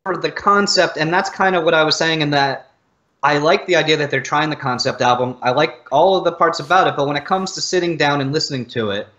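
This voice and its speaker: An American man with a bright, forceful voice, pitched a little high, chats casually about music. He is easygoing and repeats words as he starts each thought. The sound is dull and lo-fi. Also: fairly quick. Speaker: co-host.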